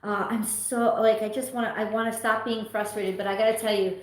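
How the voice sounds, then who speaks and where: A woman's voice: mid-range voice, level tone, a little fast. A young woman, a tarot reader, talking casually from home on a livestream and venting her frustration with some swearing. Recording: echoey room.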